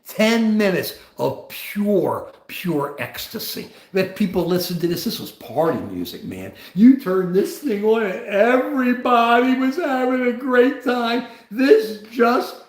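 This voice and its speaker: A man's voice: high-pitched, sing-song, measured pace, hardly any pauses, reverberant. A man in his seventies hosting a casual livestream, rambling and arguing directly with viewers in chat. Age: 70s. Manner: argumentative, rambling, talks straight to chat. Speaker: livestream host.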